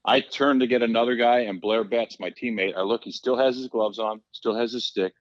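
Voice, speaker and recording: A man's voice: mid-range voice, fairly quick, dry recording, dull audio. A man, a guest on a podcast, telling stories casually and acting out the lines of the people in them. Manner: animated storyteller, acts out quotes. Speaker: podcast guest, former hockey player. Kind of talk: casual storytelling.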